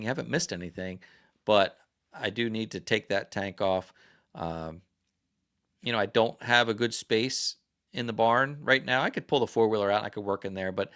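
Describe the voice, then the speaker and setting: A man's voice: on the low side, fairly bright tone. A man hosting a casual livestream chat, rambling and chatty and often correcting himself. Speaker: livestream host.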